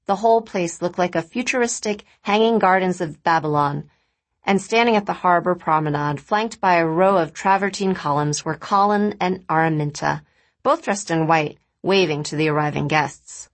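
Woman, audiobook narration, low pitch, measured expressive reading. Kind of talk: scripted narration.

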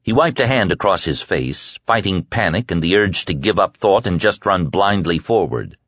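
A man narrating a horror novel in a measured, suspenseful reading that slows and sinks low at the tense moments. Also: lively intonation, a bit bright, no echo. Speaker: audiobook narrator. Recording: dry, slightly dull lo-fi recording.

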